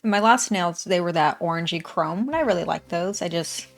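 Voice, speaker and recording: Lower-voiced woman reacting, chatty. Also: moderate pace, soft background music. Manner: chatty, laughing asides to viewers. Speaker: reaction channel host. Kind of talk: casual reaction commentary.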